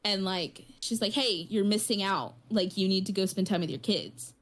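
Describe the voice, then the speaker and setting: A woman's voice: medium pitch, moderate pace, a bit bright. Woman co-host, casual rambling storyteller, heavy on fillers. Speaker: podcast co-host. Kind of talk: casual chat.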